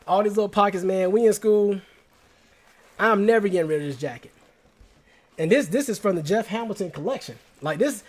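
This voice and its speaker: A young man with an Atlanta Southern accent telling stories casually to the camera, slangy and animated, repeating himself. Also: high voice. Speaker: vlogger.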